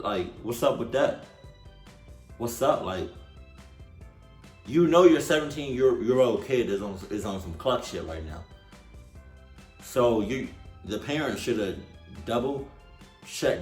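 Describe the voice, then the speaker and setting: A man in his twenties hosting a reaction video, talking casually, swearing often, with loud exclamations. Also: mid-range voice, animated, a little slow, pauses often, roomy sound, faint music behind. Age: 20s.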